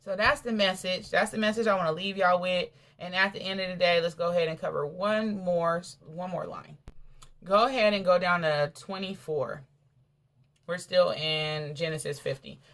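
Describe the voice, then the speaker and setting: A woman's voice: fairly low pitch, steady tone, moderate pace, a bit bright. A woman preacher delivering a sermon in an emphatic, colloquial way, repeating phrases for stress.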